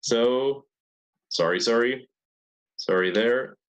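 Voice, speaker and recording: A man's voice: medium pitch, slow pace, a little hiss or hum, rough recording. A man teaching an English class over a video call, patiently repeating his questions to prompt his students.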